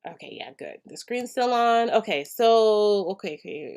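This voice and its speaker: Woman, live stream host, casual chat, chatty, laughs often, lots of fillers, mid-pitched voice. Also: animated, normal speed, gravelly, darkish tone.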